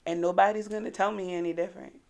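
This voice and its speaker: A woman talks in a casual podcast chat, blunt and full of profanity. Her voice sits a little low, and her stories come out animated. She is frank and holds nothing back. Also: fast, vocal fry. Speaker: podcast co-host.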